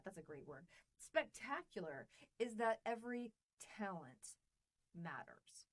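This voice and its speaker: A woman's voice: mid-range voice, low-quality recording. A woman hosting a solo podcast, talking with bubbly enthusiasm and playful asides to her listeners. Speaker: podcast host and publisher. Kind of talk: casual solo podcast talk.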